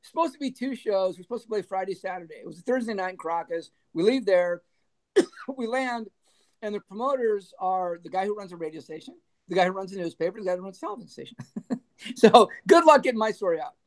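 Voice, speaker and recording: A man's voice: high-pitched, fast talker. A middle-aged man, a former band manager, telling road stories in a casual interview, laughing often and acting out what people said. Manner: animated storyteller who laughs often and acts out quoted dialogue.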